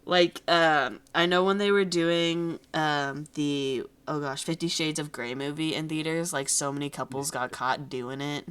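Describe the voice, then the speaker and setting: Low, bright-toned woman chatting casually. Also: a little slow, hardly any pauses, clear, resonant tone. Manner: animated, laughing, many "like"s. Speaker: streamer. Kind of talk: casual chat.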